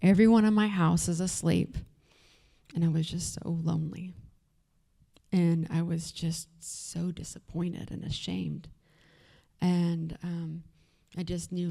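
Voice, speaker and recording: Woman with a Texas accent, low and mellow voice, candid personal talk at an event, loose with fillers. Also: little pitch movement, slow pace, vocal fry. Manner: candid, conversational, frequent fillers. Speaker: event speaker. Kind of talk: personal story told to an audience. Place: event venue.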